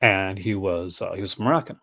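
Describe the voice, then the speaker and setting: A man's voice: low-pitched, normal speed, creaky, a bit bright. A man from Newfoundland with a mixed Canadian and Newfoundland accent, hosting a casual livestream chat and telling stories with lots of laughter. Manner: chatty, laughs often, retells stories with voices. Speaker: host.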